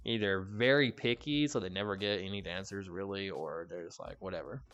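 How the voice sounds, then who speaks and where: Southern accent, man, bright, chatty storyteller, trailing off at phrase ends. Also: low-pitched, brisk, smooth, dull audio. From Alabama, US. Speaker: guest, VR club pole dancer. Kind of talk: casual chat.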